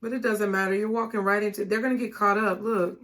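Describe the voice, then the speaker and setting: A woman's voice: mid-range voice, steady tone, quick pace, fairly bright tone. A woman giving a tarot reading and speaking straight to her viewers in an encouraging way. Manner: encouraging, direct address to viewers. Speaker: tarot reader.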